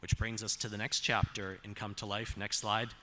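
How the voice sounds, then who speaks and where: A man giving a motivational presentation with slides as a self-advocate, measured, asking the audience rhetorical questions and slowing down on key phrases. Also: on the low side, level tone, bright, forceful tone.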